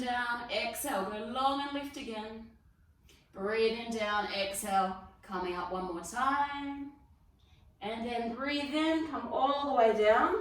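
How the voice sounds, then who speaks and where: A woman with an Australian accent leading a yoga class, giving calm step-by-step breathing cues while she demonstrates the moves. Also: a little high. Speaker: yoga instructor. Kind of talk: guided exercise class. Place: fitness studio. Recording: very echoey room, mic far off.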